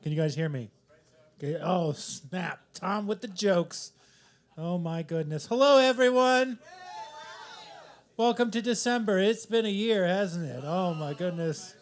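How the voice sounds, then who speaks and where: A man's voice: high voice, unhurried, a little mellow. A man doing stand-up at a coffee shop open mic, rambling and self-deprecating as he riffs from joke to joke, on a handheld mic. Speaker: stand-up comedian.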